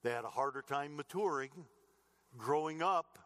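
A middle-aged male pastor preaching with earnest storytelling. His voice sits a little high for a man, and he swings from loud, emphatic lines down to soft, low asides. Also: moderate pace. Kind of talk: sermon.

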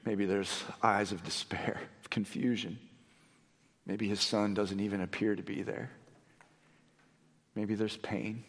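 A man's voice: a little slow, pauses often. Dynamic male preacher in a reverberant hall. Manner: swings between hushed, low storytelling and raised, excited emphasis. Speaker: pastor. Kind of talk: sermon.

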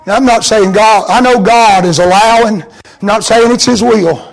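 Preacher man, high voice, goes from hushed and soft up to loud chanted preaching. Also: moderate pace, gravelly, rough recording. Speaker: pastor. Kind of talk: sermon.

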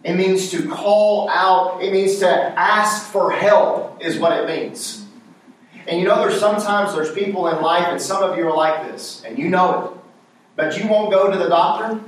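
A man's voice: sits high, steady tone, measured pace. A man preaching a sermon in church, posing questions for the congregation to answer back. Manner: call-and-response questions to the congregation. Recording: very echoey church hall, voice from far off.

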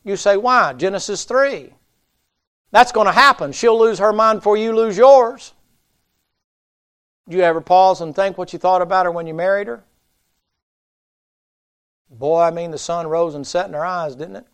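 Man, revival preacher, homespun storytelling, smooth resonant voice, slightly high pitch. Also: normal speed, pauses often, fairly bright tone. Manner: homespun storytelling, acts out voices in Bible stories. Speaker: guest preacher. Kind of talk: folksy revival sermon. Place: church sanctuary.

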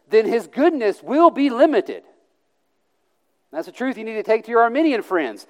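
A male pastor delivers an emphatic sermon in a fairly high-pitched voice. His words ring out with a long reverb, like a large sanctuary. He stumbles and restarts often, then lands lines with force. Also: wildly swooping pitch, normal speed.

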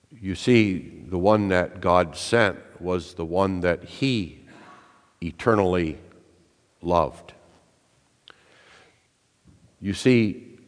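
A man preaching a sermon in an earnest, emphatic way, putting rhetorical questions to his listeners. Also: fairly low pitch. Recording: reverberant hall.

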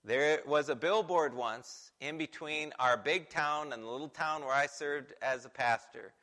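A man's voice: fairly high pitch, a little slow, sharp tone. A man preaching a sermon as a pastor, in a conversational way that acts out quoted voices.

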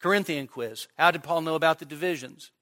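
A man's voice: on the high side, a little fast, pushed and bright. A man preaching an expository sermon to his congregation in a conversational way, often checking in with "right?" and "okay?" and acting out imagined dialogue with playful sarcasm. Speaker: pastor.

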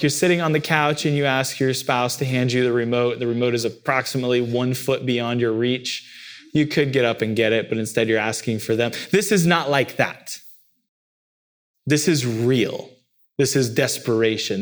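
A man preaching a sermon, animated and acting out cries with sudden leaps in pitch. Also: moderate pace. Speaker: pastor.

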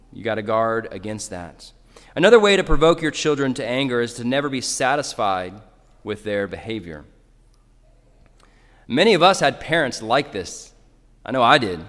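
A man's voice: fairly high pitch, a bit bright, long reverb tail. A man preaching a sermon in a church, earnestly addressing parents directly. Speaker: pastor.

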